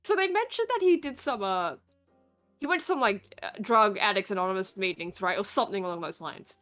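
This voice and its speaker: A woman's voice: medium pitch, animated, a little fast, a bit bright, faint music behind. A woman co-hosting a casual livestream chat, talking bluntly and profanely with hesitant rambling.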